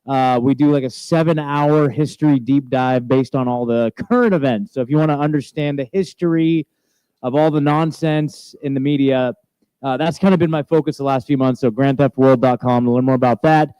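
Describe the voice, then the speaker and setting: A man hosting an onstage festival chat, joking and energetic, a bit scattered, on a handheld mic. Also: mid-range voice, moderate pace, clean tone, dry recording, low-quality recording. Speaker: host interviewing festival presenters. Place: festival stage. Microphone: handheld microphone.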